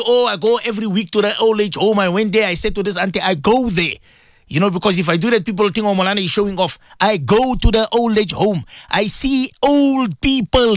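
A man's voice: high-pitched, a bit bright, no echo. A middle-aged man, hosting a radio show in an emotional, rambling monologue that he speaks straight to his co-host and his listeners.

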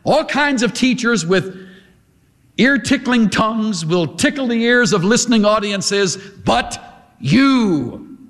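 A man preaching a sermon, impassioned and emphatic, with repeated staccato phrases and swings between quiet low passages and high forceful ones. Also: a little slow. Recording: long hall reverb.

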